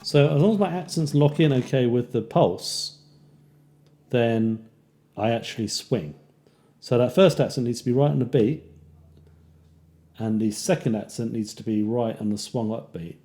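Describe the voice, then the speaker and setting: With a warm, mid-range voice at a moderate pace, a man with a British accent teaches a relaxed jazz guitar lesson, leaving long pauses. He counts out beats and scats rhythms while demonstrating, and guitar fills the gaps between phrases.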